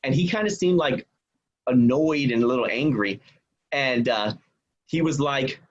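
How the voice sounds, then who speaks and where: A man guest on a podcast, telling a personal story in an animated way and acting out the voices of the people in it. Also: mid-range voice, normal speed, muffled recording. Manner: acts out quoted voices.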